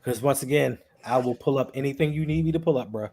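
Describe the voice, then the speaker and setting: A man co-hosting a sports podcast, talking football in an animated, argumentative way. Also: mid-range voice, fast talker. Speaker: podcast co-host. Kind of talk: casual sports talk.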